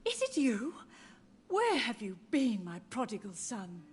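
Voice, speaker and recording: A woman's voice: a little high, wildly swooping pitch, a little slow, faint music behind. A confused grieving old mother. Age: older. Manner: wandering, dreamy, slips into whispers. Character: elderly grieving mother, confused, haunted by the dead. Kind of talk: video game voice acting.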